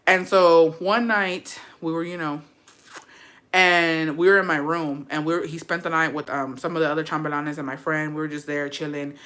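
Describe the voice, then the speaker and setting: A young woman spills a personal story to her viewers in a bright, clear-toned voice. She is profane and chatty, with dramatic asides as she goes. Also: low-pitched, fairly even intonation, normal speed. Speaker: vlogger telling a personal story. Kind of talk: casual storytelling.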